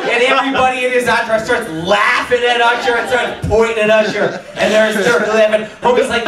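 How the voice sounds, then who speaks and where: Guy doing standup, kinda high voice, rambly with lots of likes and laughs, echoey room from far off with a loud crowd. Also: steady tone, moderate pace, few pauses. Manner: rambling, loose storytelling with many fillers and laughs. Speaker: stand-up comedian. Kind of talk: stand-up comedy set. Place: small comedy venue with a live audience. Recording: echoey room heard from far off, audience noise. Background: audience laughter.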